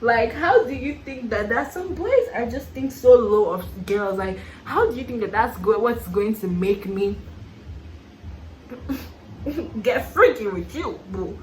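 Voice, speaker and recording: A young woman with a Nigerian accent talks in a sassy, playful way, slipping in "honey" and bursting into laughter. Her voice sits fairly high for a woman. The room gives it a roomy echo under a faint hiss. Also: expressive, takes it slowly. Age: young adult. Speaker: YouTuber. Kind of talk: casual get-ready-with-me chat.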